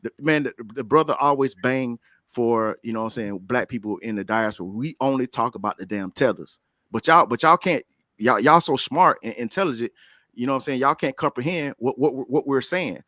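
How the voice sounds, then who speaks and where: A man's voice: mid-range voice, fairly quick, a bit bright, dry recording, studio quality. Blunt, profane man in heated debate. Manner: blunt, profane, stammering restarts. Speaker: debate panelist.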